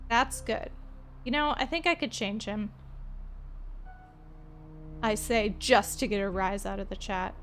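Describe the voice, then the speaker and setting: Her voice sits in the mid-range, a bit bright, and she takes her time, leaving long pauses. She's a woman from Florida giving playful, chatty let's play commentary to her viewers while playing a point-and-click detective game, with faint music behind her.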